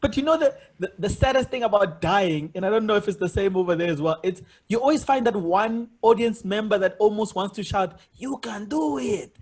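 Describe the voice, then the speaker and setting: Husky high-voiced male podcast host. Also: fairly quick, hardly any pauses, a little mellow. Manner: storytelling with many restarts and repeated words. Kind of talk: casual interview chat.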